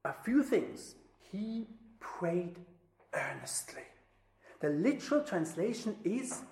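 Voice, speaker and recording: A woman preaching a sermon, swinging between loud emphasis and near-whispers. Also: on the high side, very animated, takes it slowly. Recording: roomy echo.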